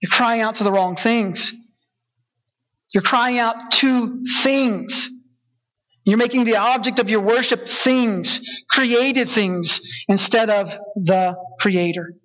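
Pastor, young man, high voice, chatty sermon with jokes, dull lo-fi sound. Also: takes it slowly, a bit bright. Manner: conversational, joking asides to the congregation.

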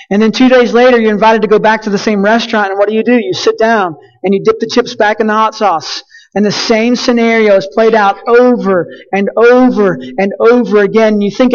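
A man's voice: sits high, steady tone, moderate pace, muffled recording. A young man from West Texas preaching a sermon, telling folksy stories with lots of fillers and restarts. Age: young adult. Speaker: pastor.

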